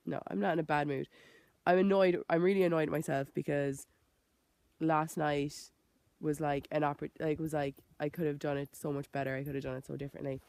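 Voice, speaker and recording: A woman's voice: low-pitched, little pitch movement, moderate pace, gravelly, long pauses, darkish tone, no room sound. A woman with an Irish accent and a chest infection, talking in a rambling, frank vlog monologue full of "like" and self-corrections, swearing freely. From Ireland. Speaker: vegan vlogger.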